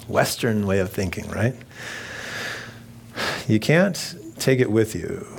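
A man's voice: on the low side, gravelly, slight background noise. Conversational man preaching a sermon. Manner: conversational, jokey asides with mimicked voices. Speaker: pastor.

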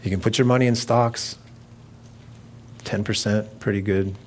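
A man's voice: fairly low pitch, steady tone, unhurried, slight background noise. A middle-aged man preaching a sermon in a conversational, jokey way, slipping into mimicked voices for asides. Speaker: pastor.

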